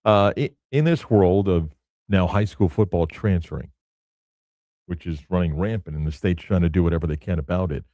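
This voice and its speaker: A man's voice: deep voice, dark tone, dry recording, clean studio sound. A man hosting a sports radio show, talking loosely with lots of fillers. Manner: loose and conversational, many fillers. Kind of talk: casual sports talk. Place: radio studio.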